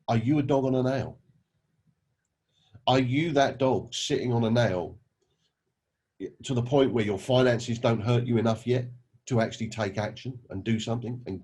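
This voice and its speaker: Brief: male motivator, earnest, husky voice, mid pitch. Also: darkish tone. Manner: earnest, rhetorical questions and anecdotes. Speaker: network marketing recruiter. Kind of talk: motivational talk with storytelling.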